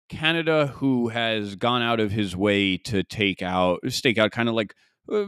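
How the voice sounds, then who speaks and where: A man's voice: fairly low pitch, clean tone, dry recording, studio quality. A man hosting a podcast alone, musing in a casual way and asking himself rhetorical questions. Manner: conversational, musing, frequent restarts and rhetorical questions. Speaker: podcast host. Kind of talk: casual solo commentary.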